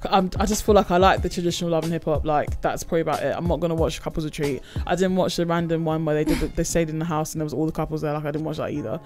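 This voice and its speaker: Quick, blunt woman co-host. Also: low-pitched, fairly even intonation, over music. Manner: blunt, opinionated, slangy. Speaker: podcast co-host. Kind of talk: casual chat.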